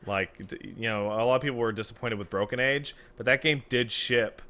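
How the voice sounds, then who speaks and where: A man co-hosting a casual podcast in a bright, forceful voice. He talks emphatically, pushing his points hard and swearing freely as he goes. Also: mid-range voice, brisk. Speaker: podcast co-host.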